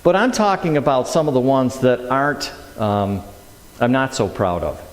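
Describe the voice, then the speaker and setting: A middle-aged man giving a sermon in a church, telling a personal story in an animated way and acting out his own reactions. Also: mid-range voice, moderate pace. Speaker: speaker at a church service. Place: large church hall. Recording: echoey hall with long reverb.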